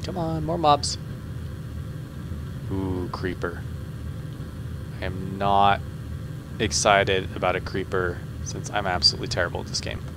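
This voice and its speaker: Man, lowish voice, casual game commentary, self-mocking, stumbling restarts, slight background hiss. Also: level tone, moderate pace, pauses often. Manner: chatty, self-deprecating, talks to himself while playing; muttered asides and stumbling restarts. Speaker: gaming channel host. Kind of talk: let's play commentary.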